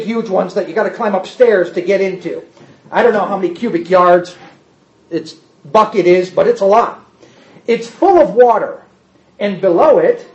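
A man's voice: high voice, darkish tone, highs cut off. A man teaching a Bible class, explaining carefully, repeating key points and adding wry asides.

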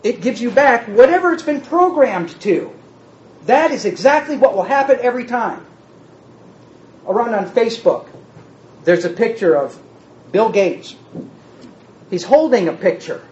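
In an echoing hall, a preacher teaches a sermon with a mid-range, slightly mellow voice and lively intonation, speaking a little slowly with long pauses. His teacherly delivery plays on word meanings and presses listeners with rhetorical question after rhetorical question. The recording sounds dull and muffled.

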